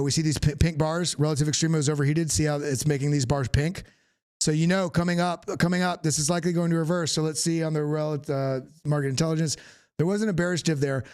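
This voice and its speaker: A man from the Southern United States hosts a live chart breakdown with a somewhat higher voice. He speaks casually and thinks out loud. His sentences often stop and restart as he points things out. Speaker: host. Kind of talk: live technical chart analysis.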